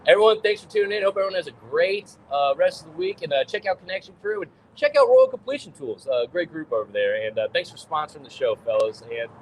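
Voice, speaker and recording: A chatty, upbeat man hosts a casual livestream with a fairly high voice. He greets viewers and hands out shout-outs. Faint street and traffic noise sits behind him. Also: huge pitch swings, fast talker, hardly any pauses, poor audio. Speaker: host.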